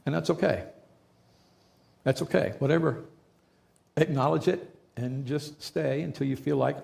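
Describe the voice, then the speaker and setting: A man preaching a sermon as a pastor, talking in a relaxed conversational way and repeating key phrases for emphasis. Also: medium pitch, a little slow, gravelly, pauses often.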